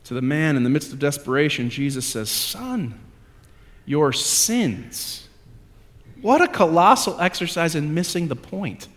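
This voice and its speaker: A man with a high voice preaches a sermon. He talks conversationally and pokes fun at himself, then presses his point with emphatic repetition. His voice rings through the long reverb of a large hall. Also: lively intonation, a little slow, fairly bright tone. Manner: conversational, self-deprecating, builds to emphatic repetition. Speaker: pastor.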